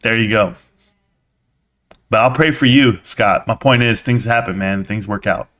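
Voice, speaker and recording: A man's voice: fairly low pitch, measured pace, fairly bright tone. A chatty, blunt man hosting a live stream. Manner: chatty storyteller, slangy and blunt. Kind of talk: casual live stream chat.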